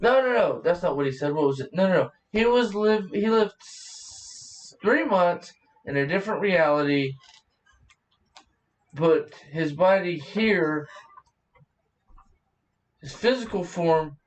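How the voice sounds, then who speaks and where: Laughing, rambling man, somewhat high voice. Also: lively intonation, slow, long pauses. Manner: rambling, laughs often, swears freely. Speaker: podcast host. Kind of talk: casual chat. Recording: voice distant from the mic.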